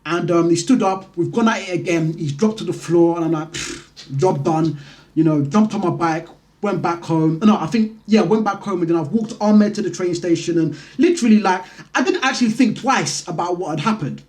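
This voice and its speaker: Young man, high voice, casual storytelling, conversational vlog. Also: a little fast, a little mellow. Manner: conversational, frequent "you know what I mean". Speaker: vlogger telling his life story.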